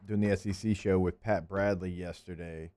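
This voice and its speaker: A man co-hosting a sports radio show, telling a story in a dry, low-key way. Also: fairly even intonation, normal speed, warm tone. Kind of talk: casual sports radio chat.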